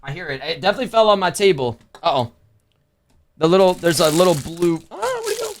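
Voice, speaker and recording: A young man live-streaming a haul and unboxing, chatting excitedly with his viewers. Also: on the high side, fast talker, slight background noise. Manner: excitable, talks to chat.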